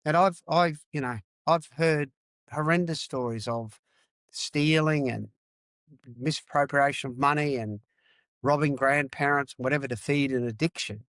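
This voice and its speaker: A man's voice: fairly high pitch, measured pace, a bit bright, no echo. Middle-aged aussie-born guy, blunt and emphatic, keeps repeating himself, dry close sound. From Australia. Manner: emphatic, repeats phrases, swears. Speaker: podcast guest. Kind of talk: candid interview talk.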